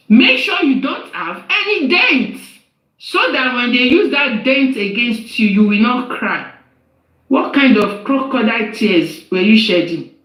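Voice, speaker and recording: Woman going off on someone, high swooping voice, keeps repeating herself, echoey room. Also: a bit bright. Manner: scolding, repeats lines for emphasis, rhetorical questions. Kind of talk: angry live-stream rant. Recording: echoey live-stream audio.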